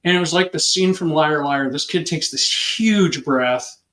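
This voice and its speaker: A man's voice: a little high, measured pace, reverberant. A man, a police officer, telling an anecdote in an interview and acting out the people in it. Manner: lively anecdote-teller who acts out the people in it. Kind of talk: casual storytelling in an interview.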